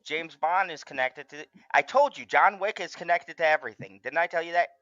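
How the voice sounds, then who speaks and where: A man hosting a movie watch-along in casual chat, gushing with excitement and swearing freely. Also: on the high side, brisk, no room sound, lo-fi sound. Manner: excitable, gushing and heavily profane.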